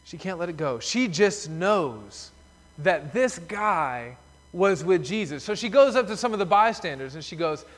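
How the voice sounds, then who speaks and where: Man preaching, emphatic storyteller, slightly high voice, long church reverb. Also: animated, measured pace. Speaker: pastor. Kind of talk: sermon. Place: church sanctuary.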